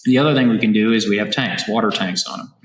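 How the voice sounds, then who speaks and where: A man with a low voice tells his farming story as an interview guest, energetic and full of restarts. He sounds from Kansas. The room around him is echoey. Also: fast talker. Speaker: farmer and robotics company founder, guest. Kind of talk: casual interview conversation. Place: on a farm.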